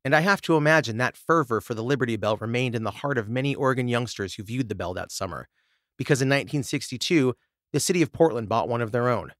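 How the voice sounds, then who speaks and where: A man's voice: medium pitch, lively intonation, quick pace, a bit bright, no room sound, studio quality. Man narrating a true crime podcast. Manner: reads researched notes, then stumbles and laughs in asides. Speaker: podcast host reading the story. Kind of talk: scripted narration with casual asides.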